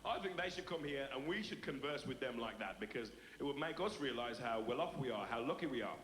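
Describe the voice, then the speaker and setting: A stand-up comedian telling a story on stage and acting out its characters. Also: male voice, medium pitch, lively intonation, a little fast. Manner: storytelling, acts out lines in voices. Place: live comedy venue. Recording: roomy noisy live tape.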